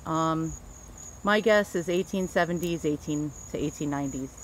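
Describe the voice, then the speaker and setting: A woman's voice: low voice, normal speed, a little hiss or hum. Chatty woman with a Queens accent. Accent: New York, Queens. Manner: chatty, self-correcting, stumbles over names. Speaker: antique dealer. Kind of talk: casual show-and-tell.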